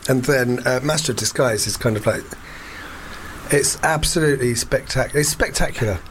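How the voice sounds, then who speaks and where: A man's voice: mid-range voice, fairly bright tone, a little hiss or hum. A man hosting a casual podcast chat, joking and playful. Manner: joking, playful, quick asides.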